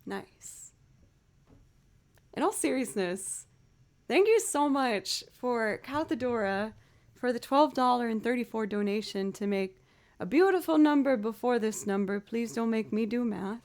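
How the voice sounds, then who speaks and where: A woman's voice: a little high, animated, a little slow, a little mellow. A woman musician chatting casually on her livestream, bubbly as she thanks viewers one by one.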